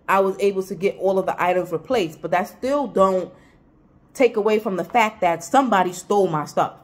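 A young woman, telling a storytime vlog in a lively, conversational way and acting out what people said. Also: medium pitch. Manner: animated, conversational storytelling with acted-out quotes. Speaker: vlogger.

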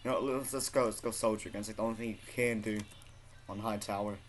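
Excitable, foul-mouthed man gaming. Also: a little fast, soft background music. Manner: excitable, swearing, bursts into laughter and high-pitched yells. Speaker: gaming video host. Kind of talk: live gameplay commentary.

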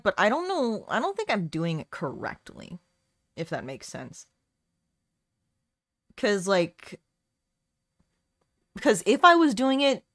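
A woman's voice: medium pitch, dry recording, clean studio sound. A woman streaming while she draws, chatting playfully with her chat in a casual, rambling way. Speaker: art streamer.

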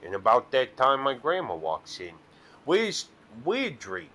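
Man, playful slot-machine commentator, unhurried pace, very expressive pitch, tells absurd tall tales. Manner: rambling absurd storytelling, playful. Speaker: streamer playing slot machines. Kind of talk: casual joking commentary.

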